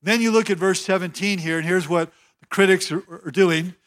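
A man's voice: high voice, brisk, fairly bright tone. A male pastor preaching a sermon in a conversational, emphatic way, often repeating his phrases.

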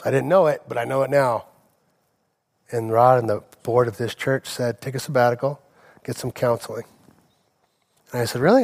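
A man's voice: mid-range voice, steady tone, normal speed, gravelly, long pauses, a little mellow. A man in his forties, a pastor preaching a sermon, telling personal stories and building to impassioned preaching.

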